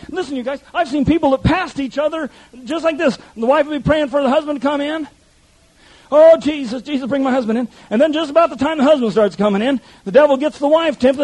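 A man's voice: very high voice, a little mellow, rough recording. A male pastor preaching an impassioned sermon, speaking directly to his congregation.

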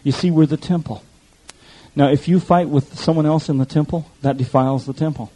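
Husky-voiced man preaching a sermon. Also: a little high, fairly even intonation, fairly quick, warm tone, rough recording. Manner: impassioned, addresses the congregation directly. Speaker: pastor.

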